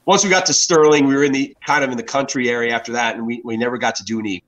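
A man in his fifties, a guest telling casual anecdotes over beers in an animated, profane way. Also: medium pitch, rapid-fire, muffled recording. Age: 50s.

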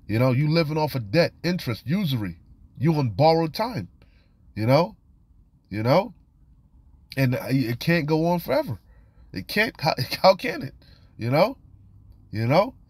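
A man's voice: a little high, sing-song, a little slow, pauses often, husky, no echo. A man teaching from scripture in a casual, admonishing way, often repeating "you know" and "man". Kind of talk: informal scripture study and warning.

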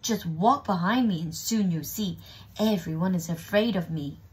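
A woman's voice: on the low side, normal speed, breathy edge. A woman doing a cheeky, boastful little mouse. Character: bold clever little mouse.

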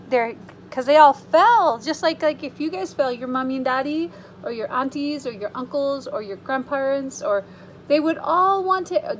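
High, slow-paced woman reading to children. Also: slight background noise, low-quality recording. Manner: animated storytime voice with gasps and exclamations; gentle, reassuring asides to children. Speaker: preschool teacher. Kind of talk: reading a picture book aloud to young children.

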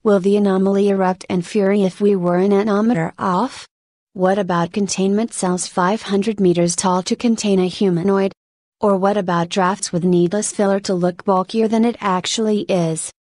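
A woman's voice: mid-range voice, steady tone, normal speed, a little mellow, dry recording, clean studio sound, natural voice. A woman voicing a blunt, talkative female senior reviewer in a spoken story reading. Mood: exasperated.

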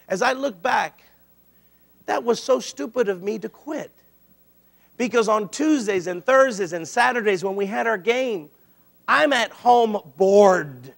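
The high, bright voice of this middle-aged pastor has a gravelly edge as he preaches. His sermon unfolds through lively stories in which he performs the voices of those he quotes.

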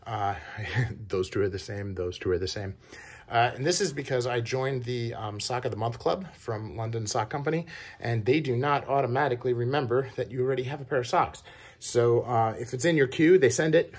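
A man vlogging casually about his shoe and sock collection, talking in a halting way with many pauses and restarts. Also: medium pitch, breathy edge. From Wisconsin. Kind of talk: casual show-and-tell.

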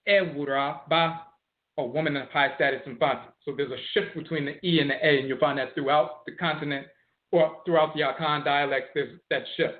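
A man giving a lecture on history and word origins, slowly explaining, repeating and spelling out terms. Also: fairly high pitch, steady tone. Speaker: teacher of ancestral religion. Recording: tinny phone-like audio.

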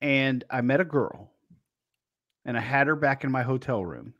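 A man's voice: medium pitch, normal speed, fairly bright tone, highs cut off. A man co-hosting a podcast who reads review scores and tells rambling personal stories in casual chat. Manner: rambling, anecdotal. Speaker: podcast co-host.

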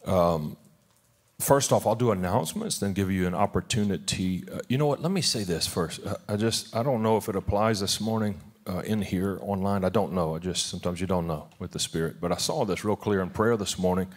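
In a church sanctuary, a male pastor with a deep, slightly fast voice leads a service, speaking informally and from the heart with many restarts. He then moves into prayer, so the talk is a sermon followed by a prayer.

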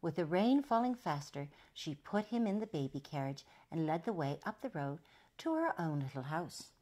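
Expressive woman reading a storybook aloud. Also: sits low, normal speed. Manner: expressive, sing-song. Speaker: children's storyteller. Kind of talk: reading a picture book aloud.

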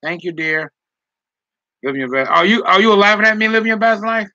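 Joking man with a very bright voice. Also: high-pitched, animated, fairly quick, no room sound, muffled recording. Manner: teasing, joking, laughs often. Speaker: live streamer reading chat comments. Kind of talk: casual live-stream chat.

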